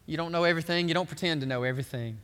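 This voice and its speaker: A man's voice: on the high side, racing, smooth. Man, pastor, dynamic sermon delivery, long hall reverb. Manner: dynamic preaching, swelling loud then dropping quiet.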